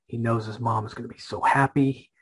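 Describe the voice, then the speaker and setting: A man's voice: mid-range voice, fairly even intonation, a little fast, a bit bright, slightly rough, low-quality recording. A man hosting a comic book podcast, casually retelling a story with many fillers and restarts.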